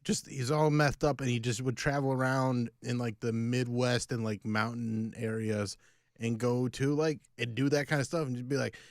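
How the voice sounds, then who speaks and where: A man's voice: medium pitch, normal speed, dry recording, clean studio sound. A man in his forties hosting a casual comedy podcast, telling stories and mocking people in put-on voices. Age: 40s. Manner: animated storytelling, mocking voices.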